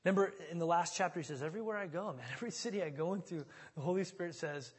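A man preaching a sermon in a casual, conversational way, swinging from loud pleading to quiet, low asides. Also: very fast, hardly any pauses, breathy edge. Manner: conversational, dramatic retelling with big swings in volume. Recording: reverberant hall.

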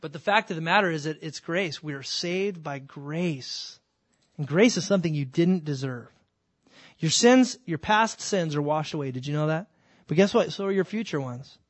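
Pastor, man, fairly high voice, lively sermon delivery with acted-out quotes, dry close mic. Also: moderate pace, no echo. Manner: animated preaching, acting out quoted voices.

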